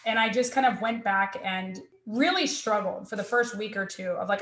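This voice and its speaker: A woman's voice: a little high, expressive, fairly quick, hardly any pauses, fairly bright tone. A woman in her thirties telling her own story in conversation, earnest and reflective, often quoting her own thoughts aloud. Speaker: guest sharing her story. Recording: echoey room.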